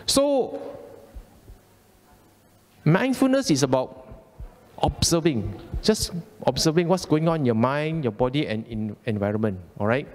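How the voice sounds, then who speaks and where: A man's voice: medium pitch, animated, measured pace, long pauses, a little mellow, big-room sound. Chatty Malaysian man giving a Dhamma talk. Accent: Malaysian English. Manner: chatty, colloquial, repeats phrases, asks "okay?" often. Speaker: Buddhist Dhamma speaker. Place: temple hall.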